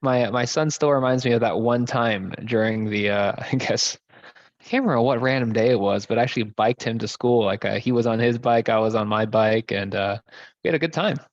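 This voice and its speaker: A man's voice: medium pitch, fairly quick, no room sound. A man co-hosting a podcast, joking and teasing in casual banter. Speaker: podcast co-host. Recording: dry, dull remote recording.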